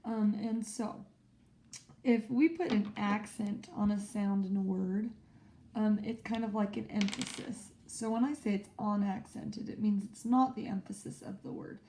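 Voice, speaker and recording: A woman's voice: mid-range voice, fairly even intonation, measured pace, warm tone, slight background noise. A woman teaching a spelling lesson to a small group in a classroom, explaining patiently and stretching out example words. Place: classroom with whiteboard.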